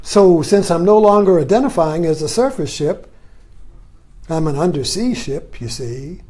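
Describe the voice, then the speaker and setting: A man giving a reflective spiritual talk, asking rhetorical questions and chuckling softly as he explains. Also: sits high. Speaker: spiritual teacher.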